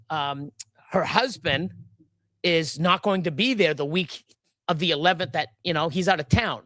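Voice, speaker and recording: A woman's voice: lowish voice, a bit bright, dry recording. A woman hosting a livestream, ranting angrily with heavy swearing and many restarts. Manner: furious, profane, many restarts. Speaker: livestream host. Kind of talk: angry live-stream rant.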